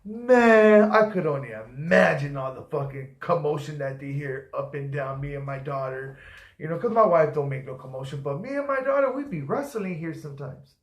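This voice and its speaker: Male storyteller, profane and rambling, slightly high-pitched, recorded in a reverberant room. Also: expressive, moderate pace. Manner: profane, rambling, acts out quoted voices. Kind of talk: casual storytelling. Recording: echoey room.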